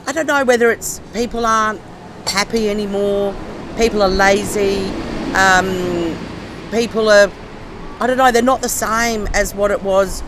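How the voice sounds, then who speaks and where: A middle-aged woman guest, hoarse and husky from laryngitis, chatting casually with lots of ums and restarts. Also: mid-range voice, steady tone, measured pace, noisy background. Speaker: comedian guest. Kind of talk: casual chat.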